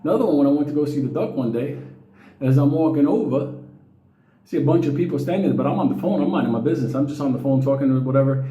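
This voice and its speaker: A middle-aged man, telling stories to his viewers in a casual, profane, animated way. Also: on the high side, fast talker, roomy sound, dull audio. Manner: profane, animated, quotes people in raised voices. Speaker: vlogger.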